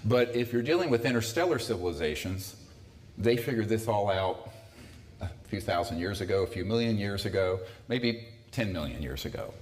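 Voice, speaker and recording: A man's voice: lowish voice, expressive, normal speed. A man in his sixties giving a conversational public talk to a live audience, with dry sardonic asides. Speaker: lecturer. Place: lecture hall. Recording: echoey hall.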